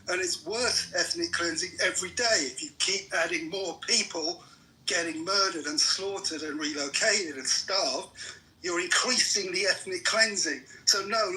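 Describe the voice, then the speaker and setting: A man's voice: on the high side, sharp tone, low-quality recording. A man in a heated political argument, furious and swearing constantly as he rants. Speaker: debate participant.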